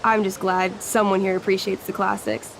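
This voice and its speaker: A woman's voice: mid-range voice, level tone, moderate pace, a crowd in the background, natural voice, low-quality recording. A woman voicing a friendly young female shop clerk in video game dialogue, talking in a casual, chatty way.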